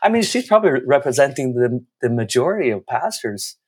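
A man's voice: mid-range voice, sing-song, fast, darkish tone, a little hiss or hum. A man, giving earnest, reflective interview answers with frequent restarts. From China.

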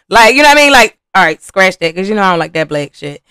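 A young woman reacts to reality TV in a loose, profane podcast commentary and calls out to her viewers as y'all. Her voice sits fairly high and swings up and down a lot as she gets worked up. The recording is close and dry, with no room sound. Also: lively intonation, brisk, hardly any pauses, a bit bright, clean tone, no room sound.

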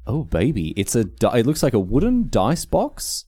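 A man co-hosting a podcast, quick-witted and jokey, reacting with exclamations. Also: medium pitch, wildly swooping pitch, dark tone, breathy edge, dry recording. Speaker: podcast co-host. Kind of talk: casual podcast chat.

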